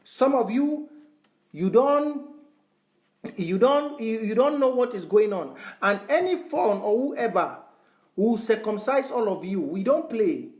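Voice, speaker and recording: A man delivers a fervent, repetitive address, hammering his points like a lecture. His voice sits high for a man. The room around him rings with a roomy echo. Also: expressive, unhurried, a little mellow. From Southern Cameroons. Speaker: online activist. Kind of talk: impassioned address to followers.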